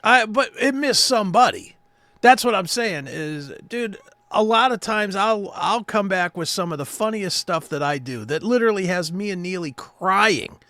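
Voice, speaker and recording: A man's voice: high-pitched, a bit bright, no room sound. A man co-hosting a podcast in casual chat, an agreeable sidekick who chuckles along. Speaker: podcast co-host.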